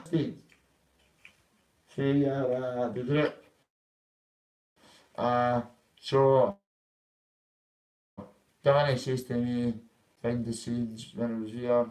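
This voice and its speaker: Vlogger, young man, blunt and confrontational, swears freely, mid pitch. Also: fairly even intonation, slow, long pauses, darkish tone, rough recording. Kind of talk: casual ranting vlog.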